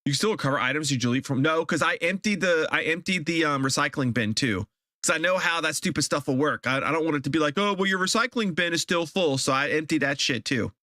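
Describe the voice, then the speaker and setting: A man streaming a game and talking to his viewers in loose, exasperated rants full of restarts and repeats. His voice sits a little high and sounds bright. The sound is dry, with no room echo. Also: fast talker. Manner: ranting, exasperated, repeats himself. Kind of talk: casual live-stream chat.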